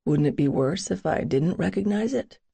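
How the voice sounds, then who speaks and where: A woman's voice: on the low side, animated, moderate pace, creaky, mellow, slightly rough, full character voice. A woman voicing a confident, protective young male soldier in an audiobook, with a dry, teasing way of talking.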